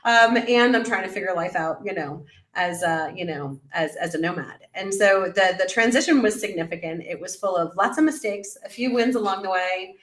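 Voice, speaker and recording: A middle-aged woman sits as a guest on an interview, talking about her coaching work. She tells her story with animation and slips into lively quoted voices of her past self. Her medium-pitched voice carries a noticeable room echo. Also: normal speed, few pauses. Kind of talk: conversational interview.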